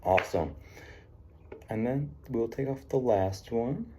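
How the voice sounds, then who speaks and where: A man teaching a phonics lesson, encouraging the class and slowly sounding out letters, with frequent ums and likes. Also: medium pitch, noisy background. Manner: frequent fillers like um and like.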